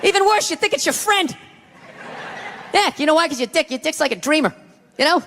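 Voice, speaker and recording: Guy ranting onstage doing standup, swears a lot, kinda high voice, long hall reverb. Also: lively intonation, fairly quick, a little hiss or hum. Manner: loud, ranting, profane. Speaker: stand-up comedian. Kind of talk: stand-up routine. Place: comedy stage with a live audience.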